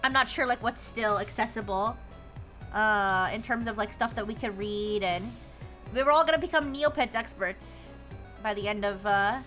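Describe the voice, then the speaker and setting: A woman's voice: mid-range voice, normal speed, fairly bright tone, soft background music. A woman streamer chatting casually while she plays, rambling with lots of restarts and fillers and joking in a playful robot persona. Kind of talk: casual chat while gaming.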